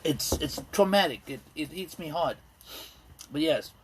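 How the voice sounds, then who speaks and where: A man in his thirties doing a rambling, self-deprecating stand-up set, full of ums and pauses. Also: a little high, slight background noise. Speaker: stand-up comedian. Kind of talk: stand-up set streamed live. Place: indoors at home.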